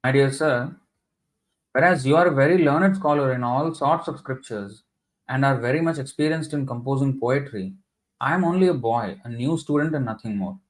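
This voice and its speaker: A middle-aged man teaching a scripture class, reading verses and explaining them step by step with many ums and restarts, sometimes chanting lines slowly. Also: mid-range voice.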